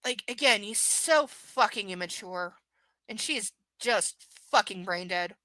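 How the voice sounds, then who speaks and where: A woman's voice: medium pitch, lively intonation, a little slow, sharp tone, dry recording, poor audio. A woman reading a novel aloud live, breaking off into sarcastic, swearing asides.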